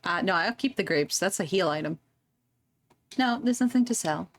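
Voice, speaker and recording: A woman's voice: on the low side, animated, normal speed. A woman streamer chatting casually and giggling as she plays a game, reading its text aloud. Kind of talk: casual gameplay commentary.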